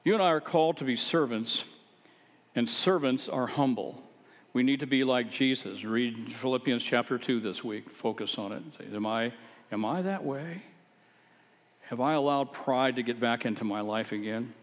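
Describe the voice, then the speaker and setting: A man's voice: medium pitch, moderate pace. A man, a pastor, preaching a sermon, earnest and at times emphatic as he exhorts his listeners. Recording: long hall reverb.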